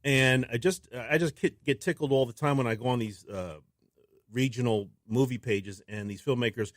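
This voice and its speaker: Lively man telling filmmaking stories. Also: medium pitch, normal speed, dry recording, studio quality. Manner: animated storyteller who acts out quotes. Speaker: filmmaker guest. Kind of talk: casual interview talk. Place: radio studio.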